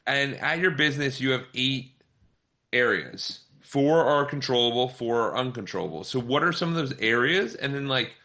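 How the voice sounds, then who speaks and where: Gravelly, bright-toned male podcast host. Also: mid-range voice, lively intonation, normal speed. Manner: enthusiastic, affirming. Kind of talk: casual interview chat.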